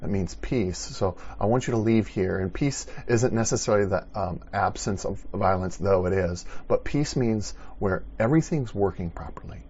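A man preaching a sermon, retelling a story with animated, restarting delivery. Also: fairly low pitch, normal speed, hardly any pauses, muffled recording, a little hiss or hum. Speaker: pastor.

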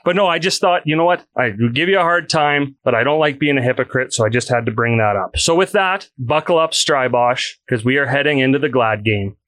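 An upbeat man of middle pitch, co-hosting a podcast with teasing, casual chat. The recording is dry and close. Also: animated, brisk, hardly any pauses, a bit bright, dry recording, rough recording. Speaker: podcast co-host.

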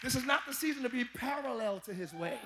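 High-voiced preacher with shouted peaks. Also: male voice, lively intonation, fast, a crowd in the background, noisy background. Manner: preaching with sudden shouted peaks and quiet asides; folksy, speaks to the congregation as y'all. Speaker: pastor. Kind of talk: live sermon. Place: large church.

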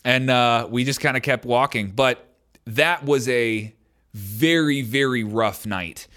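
At a slow pace, a man in his thirties shares a personal experience to camera, his medium-pitched voice slightly bright. The telling is relaxed and conversational, with "like" cropping up constantly.

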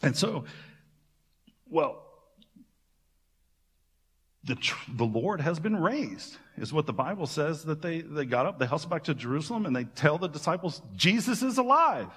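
Man preaching, lively swooping pitch, casual storytelling, long church reverb. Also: brisk, few pauses, slightly rough. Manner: animated, casual storytelling with playful asides. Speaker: pastor. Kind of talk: sermon.

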